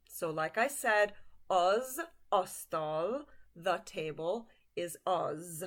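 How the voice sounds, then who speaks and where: A woman's voice: mid-range voice, a bit bright. A woman teaching vocabulary in a patient way, repeating each word and asking the listener to say it with her. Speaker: language teacher. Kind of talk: slow vocabulary lesson.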